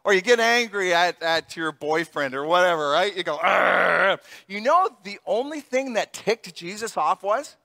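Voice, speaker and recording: A middle-aged male pastor preaching an animated sermon, laughing often and acting out the voices in his stories. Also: high voice, normal speed, hardly any pauses, dry recording.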